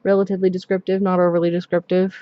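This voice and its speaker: A woman's voice: lowish voice, little pitch movement, very fast, no room sound, dull audio. A woman chatting casually on a live stream while she paints her nails, rambling with many asides. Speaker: nail art streamer.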